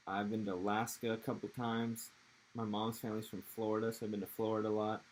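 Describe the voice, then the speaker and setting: A young man from Texas with an American accent talks in a rambling, laid-back way, full of casual slang and swearing. His voice sits low and barely moves in pitch. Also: monotone, fast talker, a little hiss or hum, low-quality recording. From Texas, USA. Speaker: interviewee. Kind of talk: casual interview chat.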